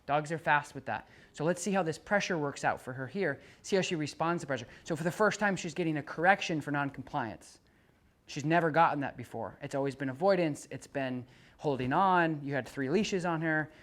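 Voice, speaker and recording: A dog trainer giving a live demonstration while walking a dog on a leash. The trainer talks steadily and plainly when explaining to the owner. Then the voice jumps up, loud and bright, to call and praise the dog. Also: mid-range voice, lively intonation, a little fast.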